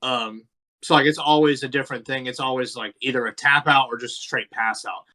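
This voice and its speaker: A man co-hosting a podcast, chatting casually about a wrestling match, relaxed and full of fillers and swearing. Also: mid-range voice, brisk. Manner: laid-back, swears freely, lots of likes and ums. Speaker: podcast co-host.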